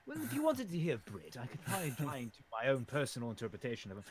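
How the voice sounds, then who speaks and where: Animated rambling man in casual chat. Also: mid-range voice, fast, crowd noise. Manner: rambling, animated, lots of fillers. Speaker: podcast co-host.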